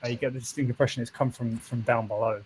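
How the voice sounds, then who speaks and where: A man's voice: mid-range voice, fairly even intonation, fast, background noise. A man narrating a tabletop game as game master, with many fillers and restarts. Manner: hesitant, full of fillers and restarts.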